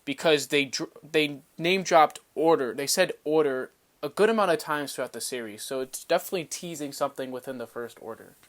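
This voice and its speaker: A man's voice: fairly high pitch, brisk. A man co-hosting a casual fan podcast, earnestly reasoning through ideas. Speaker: podcast co-host.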